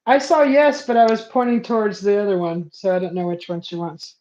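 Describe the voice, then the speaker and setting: A woman's voice: medium pitch, steady tone, brisk, dark tone, echoey room, dull audio. A woman hosting a casual art livestream, hesitant and self-deprecating, chuckling often.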